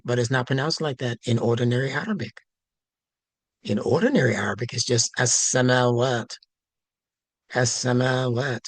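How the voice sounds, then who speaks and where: A male instructor giving a slow, emphatic religious language lesson, stressing key words. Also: mid-range voice, no room sound. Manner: slow, deliberate, emphatic teaching.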